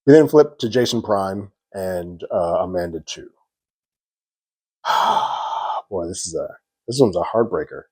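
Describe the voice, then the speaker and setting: A man with a low voice talks through a TV episode in a loose, chatty recap full of fillers. His tone has a husky edge. The recording is dry, with no room sound. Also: expressive, slow, pauses often, darkish tone, no echo. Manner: loose, conversational retelling with frequent fillers. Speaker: TV series reviewer. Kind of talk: casual episode recap and review.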